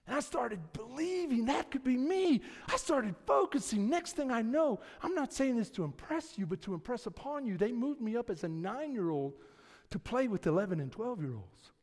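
A man's voice: very high-pitched, moderate pace. A middle-aged man preaching a sermon as pastor, telling stories and calling out to his congregation. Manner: animated storytelling, calling out to the congregation. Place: church sanctuary with congregation. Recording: long reverb of a large hall.

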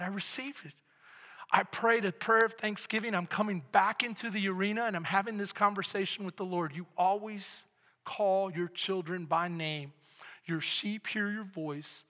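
A middle-aged man preaching a sermon as pastor, building from quiet storytelling to loud shouted preaching. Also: sits high. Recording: long hall reverb.

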